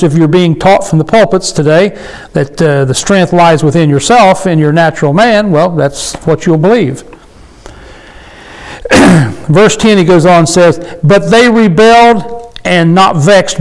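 A man with a fairly high voice leads a casual Bible study. He reads scripture in a slow, deliberate way, then explains it in plain everyday words. He keeps asking his listeners questions. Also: a little mellow, low-quality recording. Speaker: Bible teacher. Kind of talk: informal Bible study teaching.

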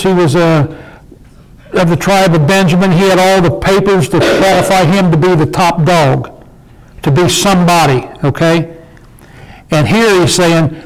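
An older man leads an informal Bible study with a folksy, homespun manner, often pausing to check in with his small group. His voice sits a little on the high side for a man. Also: poor audio. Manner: folksy, asks the group "okay?" and "did we?".

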